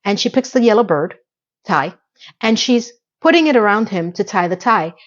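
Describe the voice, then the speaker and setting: A middle-aged woman talks through a TV episode in a relaxed vlog style, dropping sarcastic comments and running asides along the way. Her voice sits at an ordinary middle pitch. The recording sounds a bit dull and lo-fi. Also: normal speed. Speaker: TV episode recapper. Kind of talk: casual recap vlog. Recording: slightly dull lo-fi audio.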